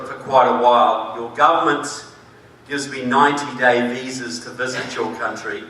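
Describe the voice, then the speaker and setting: A man with a New Zealand accent addresses a conference crowd in a bright, forceful voice. His tone is folksy and joking one moment and emphatic the next. The sound carries a heavy echo, and he seems set back from the mic in a large hall. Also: mid-range voice, slight background noise. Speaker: conference speaker. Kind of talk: conference speech. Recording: echoey hall, voice from far off.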